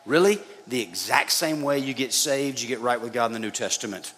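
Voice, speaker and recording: A pastor preaches conversationally, addressing his listeners directly as guys, his mid-range voice fairly bright, fairly quick, and lively in intonation. The hall adds long reverb and faint noise.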